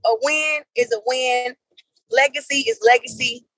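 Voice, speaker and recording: A woman with a high voice chats casually as an interview guest. She tells animated stories and laughs easily as she goes. Her voice is recorded close and dry, with no room echo. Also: measured pace.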